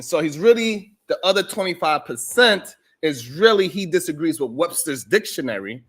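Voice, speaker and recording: Male livestream host with a high-pitched voice, joking and boastful, laughing often, casual monologue to his chat. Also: very animated, normal speed, few pauses, fairly bright tone, husky.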